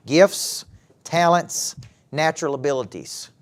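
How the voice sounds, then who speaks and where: A middle-aged man with a Southern US accent giving a live motivational talk to young people, animated and often asking the audience questions. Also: on the high side, takes it slowly. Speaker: motivational speaker and former coach. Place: event hall with a live audience.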